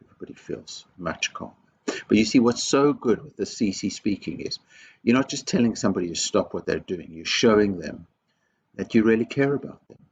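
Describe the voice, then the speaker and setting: With a lowish, husky voice, lively intonation and a fairly quick pace, this man leads a children's assembly as headteacher. He stresses and repeats key words and fires off questions, recorded on dull lo-fi video with faint noise behind.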